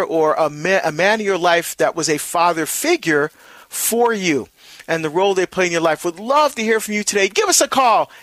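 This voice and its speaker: A man with a high voice hosts a call-in radio talk show from a studio mic. He answers callers warmly and affirms what they say. The sound is close and dry. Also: dry recording. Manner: friendly, gently affirming.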